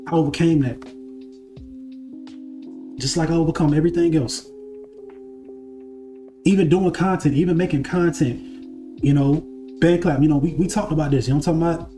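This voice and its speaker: Mellow man telling a story over soft music. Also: fairly high pitch. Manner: conversational, repeats phrases, asks listeners if they follow. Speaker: spiritual content creator and card reader. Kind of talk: casual personal storytelling to camera. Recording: faint music underneath.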